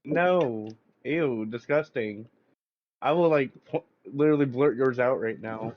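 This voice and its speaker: A man's voice: mid-range voice, unhurried. Indignant young man on muffled mic. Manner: indignant, protesting, swears. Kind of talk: casual chat.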